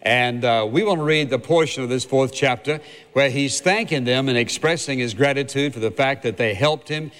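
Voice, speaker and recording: A man preaching a sermon, earnest and deliberate, stressing his points through repetition. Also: mid-range voice, fairly bright tone, clean tone, long reverb tail.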